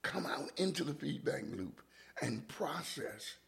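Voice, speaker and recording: A man's voice: a little high, lively intonation, unhurried, creaky, a bit bright. A man hosting a reflective monologue, musing with restarts and sometimes dropping into a whisper. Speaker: podcast host.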